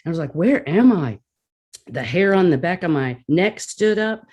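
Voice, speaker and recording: Woman guest, casual storyteller, animated, plays out her reactions. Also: lowish voice, moderate pace.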